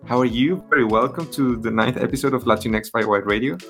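A man's voice: medium pitch, brisk, a bit bright, soft background music. A man hosting a radio show, a native Spanish speaker chatting in English with many fillers and restarts. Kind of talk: casual interview chat. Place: in Germany, remote call.

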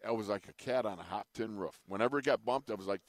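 A former athlete co-hosting a casual sports talk, relaxed and joking. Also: male voice, on the low side, fast talker, no room sound.

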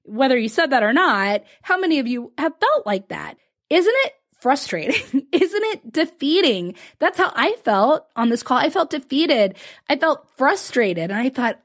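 A woman hosts a solo business podcast in a high, bright voice. Her pitch swings widely as she tells a client story. She laughs often and acts out what others said. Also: very animated, moderate pace. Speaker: podcast host and business coach.

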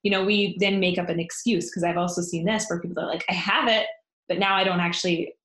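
A woman's voice: lowish voice, fairly even intonation, quick pace, a bit bright, echoey room. A woman hosting a casual conversation, asking chatty, engaged questions.

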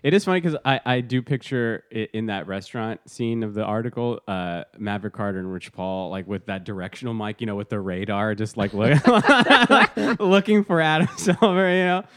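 A man's voice: on the low side, expressive, moderate pace, hardly any pauses, fairly bright tone, no room sound. Rambling man on a dry close mic. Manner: rambling, laughs often, loses words mid-sentence. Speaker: podcast co-host. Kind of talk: casual chat.

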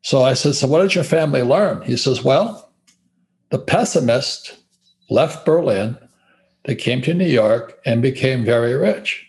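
A man's voice: medium pitch, unhurried, slightly rough. A man in his seventies from Hawaii, a guest in an interview, telling blunt stories with profanity and laughter. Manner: profane, animated storytelling, laughs while talking. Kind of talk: blunt casual interview talk.

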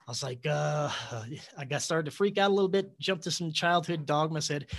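A man appearing as a guest in a casual interview tells a long personal story, earnest and animated. His voice is fairly high and brisk, and he acts out quoted dialogue, laughing now and then.

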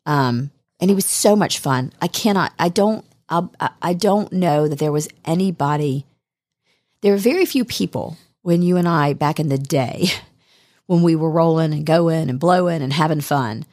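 Woman with a low voice rambling through a story, lots of you knows, dry sound. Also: moderate pace, no room sound. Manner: rambling, warm reminiscing with many fillers. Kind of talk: casual podcast chat.

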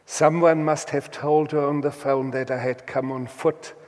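Male storyteller, deliberate and halting delivery, very slow, recorded with a long reverberant tail. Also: fairly high pitch, fairly even intonation, a little mellow. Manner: halting, deliberate, with many restarts. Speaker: guest telling a story. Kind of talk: slow reflective storytelling with readings.

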